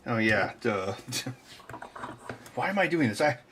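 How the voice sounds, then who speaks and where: A man's voice: medium pitch, big pitch swings, slow pace, background noise. A man hosting, muttering to himself as he repairs old electronics and teasing his cat between tasks. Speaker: host.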